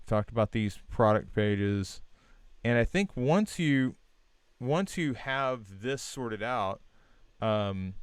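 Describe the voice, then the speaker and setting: A man with a smooth, clear voice talks through design feedback on a live stream, loose and encouraging, full of "um"s and restarts. The sound is dry and close to the mic. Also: on the low side, dry recording. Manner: relaxed, many fillers and restarts, encouraging. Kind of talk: casual live-stream critique.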